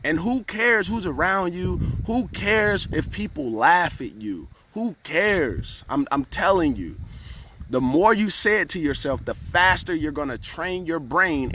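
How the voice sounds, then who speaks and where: A man's voice: fairly high pitch, lively intonation, a little slow, noisy background. Earnest man hosting a motivational livestream. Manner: earnest, repeats words, keeps asking "right?"; greets viewers by name from the comments. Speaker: live-stream host and motivational speaker. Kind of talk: casual live-stream motivational talk.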